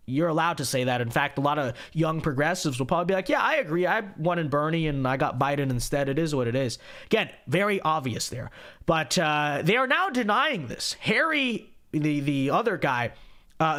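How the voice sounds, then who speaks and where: A young man hosting a casual political commentary show, talking sarcastically and mocking quotes in a high, whiny voice. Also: fairly bright tone.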